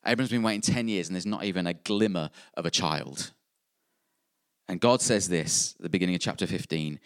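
Earnest preacher, low dry voice. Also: male voice, a little fast, dry recording. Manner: earnest, repeats key phrases, acts out voices. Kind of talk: sermon.

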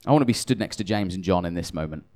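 A man's voice: sits low, expressive, rapid-fire, darkish tone. A tired man preaching a conversational sermon, self-deprecating and chatty, often restarting his sentences.

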